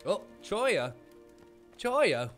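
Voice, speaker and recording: A man commentating a live game stream, excitable and gushing, with frequent swearing. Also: high-pitched, extremely slow. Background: game music.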